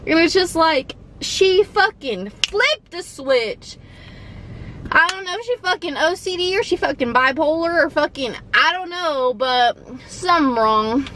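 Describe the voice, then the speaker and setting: A young woman vlogger telling a story casually, animated, swearing, with lots of "like". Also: sits high, unhurried, slight background noise, rough recording.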